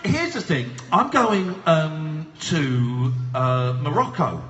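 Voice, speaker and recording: A man hosts a live comedy show with a high, animated voice and a teasing, deadpan manner. The sound is echoey and a little dull, like a live room recording. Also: slow pace. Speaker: host. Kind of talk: live comedy radio chat. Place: live stage show with audience.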